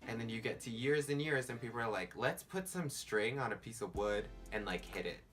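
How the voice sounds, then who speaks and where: A man's voice: mid-range voice, animated, a little fast, a bit bright. A young man with a Southern California accent, rambling casually in a vlog and filling his talk with "like.". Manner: rambling, lots of "like" fillers. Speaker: vlogger. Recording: faint background music.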